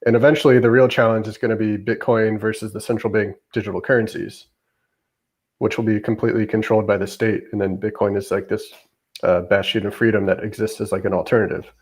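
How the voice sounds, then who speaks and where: A man on a discussion panel, talking casually and haltingly with many fillers. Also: on the low side, flat delivery, husky. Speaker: panel guest.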